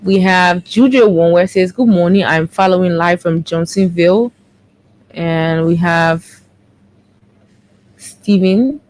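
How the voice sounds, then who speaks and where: Brisk woman reading comments. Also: lowish voice, a little mellow, low-quality recording. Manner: brisk, with quick self-corrections. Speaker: co-host reading viewer comments. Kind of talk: reading comments on a morning call-in show.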